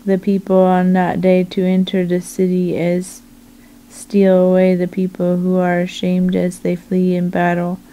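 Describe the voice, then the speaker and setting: A woman reads scripture aloud at a slow, careful pace. Her voice is mellow and dark, and her pitch hardly moves at all. The delivery is steady and deliberate from line to line. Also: slight background noise, rough recording. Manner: slow, deliberate, monotone reading. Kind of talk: scripture reading.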